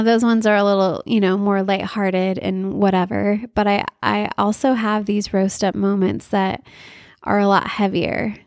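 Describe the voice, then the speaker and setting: A woman's voice: mid-range voice, darkish tone, no echo, studio quality. Earnest woman confiding a personal story. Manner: earnest, confiding, acts out quoted dialogue. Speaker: mother sharing faith stories.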